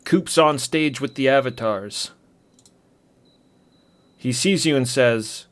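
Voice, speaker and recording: A guy streaming an old rpg, chill and jokey, just talking over the game at a plain middle pitch. he makes quick wisecracks as he goes. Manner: casual, joking. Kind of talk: live game commentary.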